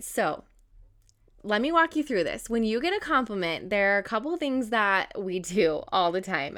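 A woman's voice: mid-range voice, a bit bright. A young woman vlogging in a casual talk to camera, bubbly and chatty, laughing often and using lots of fillers.

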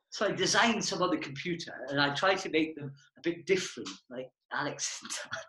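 Playful man with a bright voice. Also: fairly high pitch, animated, fast, roomy sound, low-quality recording. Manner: playful, self-mocking storytelling. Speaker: former stage partner, performer. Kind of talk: casual reminiscing chat.

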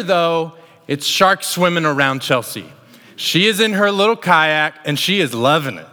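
A young man preaching a sermon, telling a personal story in a casual, conversational way before turning to the lesson. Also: fairly high pitch. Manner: conversational storyteller, animated retelling. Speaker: pastor. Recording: long hall reverb.

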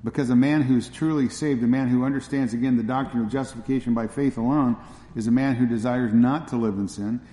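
Earnest preacher in a reverberant sanctuary. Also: male voice, medium pitch, fairly even intonation, fairly quick, dark tone. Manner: earnest, repeats himself with fillers. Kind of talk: sermon.

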